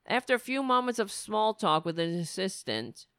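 A woman's voice: mid-range voice, big pitch swings, normal speed, gravelly, fairly bright tone, clear, resonant tone, dry recording, clean studio sound. A woman hosting political commentary, reading news excerpts and mocking them with sarcastic asides. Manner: reads news excerpts, then riffs on them.

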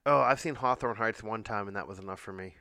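A man's voice: lowish voice, fast, pushed and bright, clear, resonant tone, no echo, studio quality. A man telling a rambling, hesitant story in casual chat.

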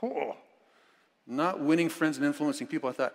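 A man's voice: a little high, lively intonation, a little fast. A male pastor giving a conversational, enthusiastic sermon with many restarts, recorded in a church. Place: church sanctuary. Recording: long reverb of a church hall.

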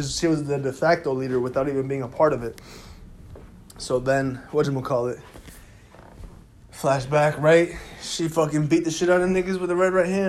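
A young man casually recapping TV episodes in an animated, slangy, profane storytelling manner. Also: mid-range voice. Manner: fills gaps with "da, da, da". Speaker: TV recap vlogger.

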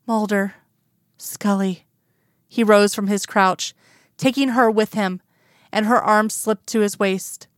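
A woman reading a romance story aloud as narrator, in a calm, even storytelling manner. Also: mid-range voice, unhurried, smooth, dry recording, studio quality. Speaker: audiobook narrator.

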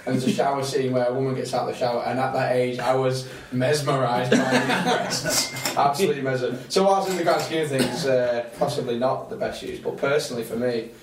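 A man's voice: mid-range voice, fairly even intonation, fairly quick, hardly any pauses. Dry-quipping man, far in an echoey room. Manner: dry quips, short replies. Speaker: panelist. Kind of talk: casual comedy panel chat. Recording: distant echoey mic with noise.

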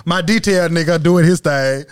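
A laid-back man with a fairly high voice, trading jokes and slang in a relaxed podcast conversation. His talk is easygoing and full of banter. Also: normal speed, smooth. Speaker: podcast co-host. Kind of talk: casual chat.

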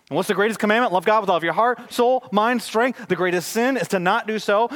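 A male pastor delivering a sermon with a slightly raised pitch. He preaches emphatically, with a delivery that moves between loud and soft. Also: fast, few pauses. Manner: emphatic, varies volume widely.

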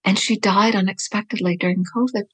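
Animated middle-aged woman telling stories. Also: mid-range voice, fairly quick, breathy edge. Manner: animated storyteller, laughs often, loose and chatty. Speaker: guest, writer and educator. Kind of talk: conversational interview.

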